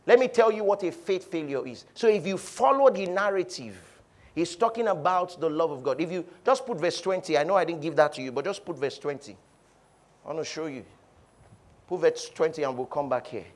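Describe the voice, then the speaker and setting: A man preaching a sermon, shouting one moment and dropping low the next, leading his congregation to repeat phrases. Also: animated, moderate pace. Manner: preaching with swings from shouting to quiet, leading call-and-response. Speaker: pastor.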